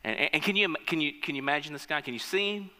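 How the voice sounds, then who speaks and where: High, forceful preacher in an echoing hall. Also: male voice, expressive, racing. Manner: emphatic, storytelling, calls on the congregation. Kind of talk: sermon.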